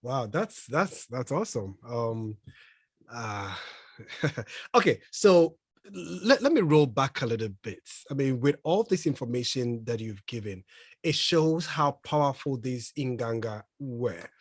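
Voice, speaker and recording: A man hosting an interview, asking slow, hesitant questions full of "um"s and answering along with "mm-hmm". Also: medium pitch, very animated, slightly rough, no echo. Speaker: host interviewer.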